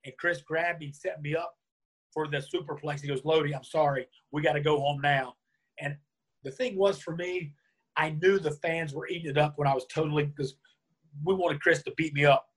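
A man being interviewed, telling a lively anecdote and acting out the lines of the people in it. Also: on the high side, normal speed, breathy edge. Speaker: interview guest. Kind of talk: storytelling in a conversation.

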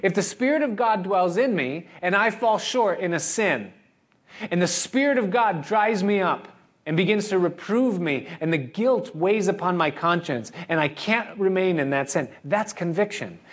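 In a high, animated voice at normal speed, a male pastor gives an earnest sermon that explains scripture and talks directly to the congregation, playing out their inner voices aloud.

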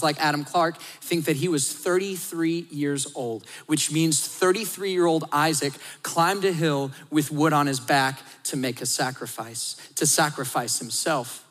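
A man preaching a sermon, shifting between lively storytelling and hushed, intimate emphasis. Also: a little high, moderate pace, few pauses. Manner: dynamic, drops to hushed tones for emphasis. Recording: long hall reverb.

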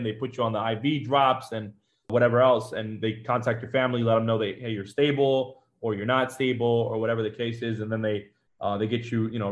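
A man who served as a Marine, telling his own story in an interview, conversational and matter-of-fact with fillers and restarts. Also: mid-range voice.

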